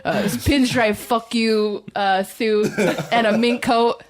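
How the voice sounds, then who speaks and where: A woman co-hosting a casual podcast chat, excitable and laughing, swearing freely. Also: fairly high pitch, takes it slowly. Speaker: podcast co-host.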